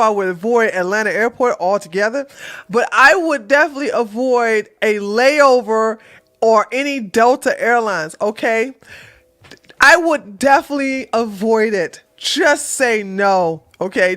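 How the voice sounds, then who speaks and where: Woman livestream host, casual sarcastic commentator, slow pace, somewhat high. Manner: animated, laughing often, sarcastic asides. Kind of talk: casual commentary reading chat.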